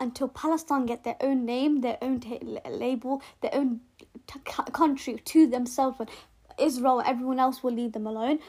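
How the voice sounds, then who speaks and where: A young woman talks alone into her podcast mic, and her voice sits high. She speaks earnestly and rambles, restarting sentences and stacking up repeated words. The home recording sounds a bit rough. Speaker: podcast host. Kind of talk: casual solo podcast monologue.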